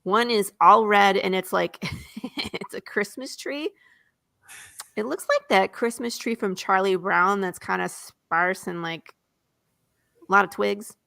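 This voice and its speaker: A woman comics creator, a guest chatting casually and retelling her comic's pages in an animated way. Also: medium pitch, takes it slowly, gravelly, dry recording, clean studio sound. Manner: animated storyteller, voices characters, laughs often.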